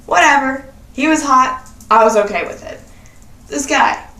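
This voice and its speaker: A young woman with a slightly high voice talks slowly and sassily, swearing freely as she chats to her viewers. She sounds set back from the mic, and the room's echo rings around her words. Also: pushed and bright. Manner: sassy and profane, chatty. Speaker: vlogger. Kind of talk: casual confessional chat. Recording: roomy echo, distant from mic.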